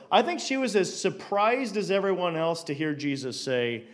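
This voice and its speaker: Male Bible teacher, fairly high voice, conversational, stumbles and repeats words, leans on rhetorical questions. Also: moderate pace.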